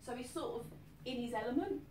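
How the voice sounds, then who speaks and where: A woman's voice: on the high side, a little fast, a little hiss or hum. Chatty woman in her fifties. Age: 50s. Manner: chatty, animated, keeps checking in with the listener. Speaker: medium. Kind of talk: live stage reading to an audience. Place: event hall. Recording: echoey hall, distant mic.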